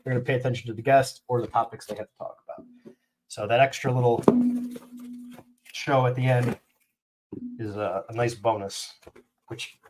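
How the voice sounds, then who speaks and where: A man's voice: medium pitch, steady tone, normal speed, pauses often, background noise. Blunt, ranting man hosting a live stream. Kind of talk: casual live-stream chat.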